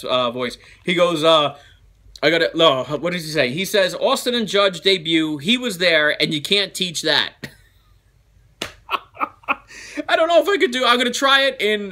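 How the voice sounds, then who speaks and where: A man hosting a toy show, reading fan mail in a chatty, animated way with frequent laughs and asides. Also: high-pitched. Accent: New Jersey.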